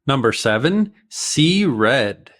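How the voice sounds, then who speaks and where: An American man teaching English idioms in a clear, deliberate way, with short acted example dialogues. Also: medium pitch, very animated, fairly bright tone. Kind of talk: vocabulary lesson with acted dialogues.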